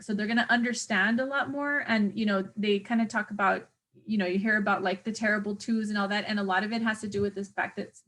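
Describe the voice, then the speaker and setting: A woman's voice: mid-range voice, a bit bright. Chatty woman teacher, lots of fillers. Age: adult parent of a young child. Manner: chatty, hesitant, many fillers, searches for words. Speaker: teacher educator. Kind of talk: exam review lecture.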